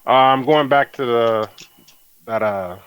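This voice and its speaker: A man's voice: mid-range voice, takes it slowly, fairly bright tone, clean tone, dry recording, rough recording. A man playing a tabletop game, asking questions in a hesitant way as he thinks aloud. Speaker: player. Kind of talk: casual tabletop play.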